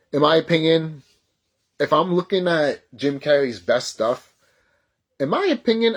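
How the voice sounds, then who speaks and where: A man in his thirties, talking off the cuff in a casual vlog. His voice sits at an everyday middle pitch, and he rambles excitedly, swears freely and trips over his own words when he gets carried away. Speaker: YouTuber. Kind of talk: casual nostalgic vlog talk.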